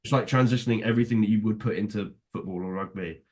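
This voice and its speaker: Young guy talking fast, lowish voice, chill reflective podcast chat. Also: a little mellow. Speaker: podcast co-host. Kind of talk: casual chat.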